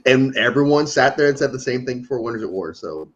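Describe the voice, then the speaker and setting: A man's voice: medium pitch, animated, fast talker, highs cut off. A man guesting on a podcast, rambling casually with many fillers. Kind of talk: casual chat.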